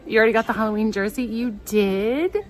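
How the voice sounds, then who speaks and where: A woman's voice: on the high side, fairly even intonation, quick pace, a little mellow, poor audio. A woman streaming live from a theme park, holding back tears and talking herself through her nerves with nervous laughs, on a handheld phone. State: tearful, holding back emotion. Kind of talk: casual live-stream chat. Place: outdoors in a crowded theme park. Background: crowd chatter and park music.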